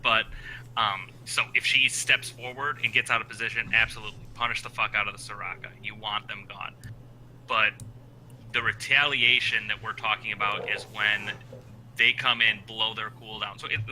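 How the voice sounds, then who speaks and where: A man's voice: on the low side, pushed and bright, a little hiss or hum, poor audio. A man co-hosting a gaming podcast, explaining tactics in a laid-back way with some swearing. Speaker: podcast co-host. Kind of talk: casual gaming podcast talk.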